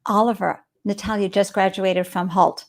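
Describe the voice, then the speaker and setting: A woman's voice: medium pitch, fairly even intonation, moderate pace, gravelly. A woman with a Boston accent hosting a live stream interview, bubbly and enthusiastic as she greets viewers. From Boston area, US. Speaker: live stream show host.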